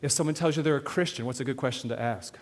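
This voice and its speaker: A man preaching to a live audience on sharing faith, animated, often asking the crowd questions and checking in with "okay?". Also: mid-range voice, quick pace. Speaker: evangelism speaker. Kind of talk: sermon-style teaching to an audience. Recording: long hall reverb.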